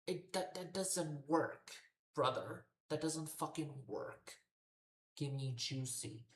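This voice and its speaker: A man's voice: on the high side, slow, a bit bright. A man hosting a wrestling commentary show, ranting in an exasperated way and swearing constantly. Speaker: wrestling podcast host. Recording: echoey roomy recording.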